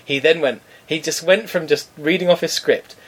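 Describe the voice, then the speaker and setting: A man, chatting casually and telling a story with lively, acted-out quotes. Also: on the high side, moderate pace, breathy edge. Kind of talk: casual chat.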